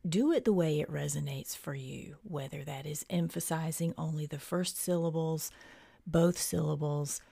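A middle-aged woman hosting a podcast, speaking in a soft, hushed, unhurried way that often drops to breathy near-whispers. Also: on the low side. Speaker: podcast host. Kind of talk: slow meditative spoken reflection.

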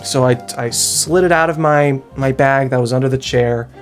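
A young man vlogging to camera in a loose, rambling way, poking fun at himself as he goes. His pitch sits mid-range for a man. Soft music plays faintly underneath. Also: moderate pace. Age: young adult. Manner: rambling and self-mocking, with frequent laughs and restarts. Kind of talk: casual chat to camera.

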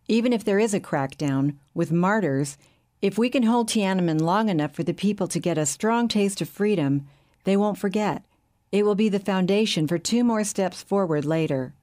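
A woman's voice: mid-range voice, normal speed, darkish tone, lightly acted. A woman reading the lines of an eager, confident bank director. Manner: eager, objecting.

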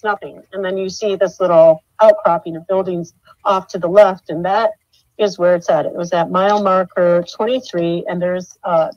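A middle-aged woman telling her story in an interview, halting with many fillers and restarts, her voice rising when upset. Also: fairly low pitch, a little mellow, no room sound. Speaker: mother of a missing man, interview guest. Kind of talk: emotional interview account. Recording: dull dry lo-fi sound.

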